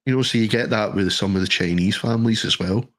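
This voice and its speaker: A man's voice: lowish voice, fast, fairly bright tone. A middle-aged man in casual chat on a podcast, telling jokey, sweary anecdotes. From Scotland. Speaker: podcast co-host.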